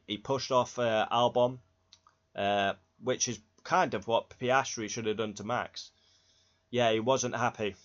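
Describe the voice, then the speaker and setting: A man running through race results in a blunt, sweary and excitable reaction. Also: medium pitch. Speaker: Formula One fan channel host. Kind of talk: casual race reaction rundown. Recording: dull lo-fi recording.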